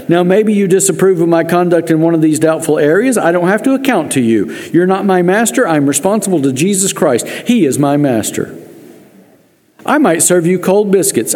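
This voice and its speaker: Male pastor, earnest sermon with wry asides, warm tone, reverberant church. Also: high-pitched. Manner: earnest, with dry joking asides. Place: church sanctuary. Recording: long reverb of a church hall.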